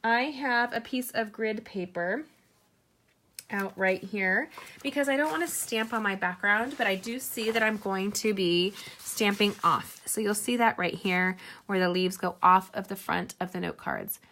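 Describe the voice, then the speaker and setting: A woman's voice: medium pitch, expressive, a little slow, a bit bright, a little hiss or hum. A middle-aged woman hosting a casual live card-making tutorial, chatty and rambling with personal asides.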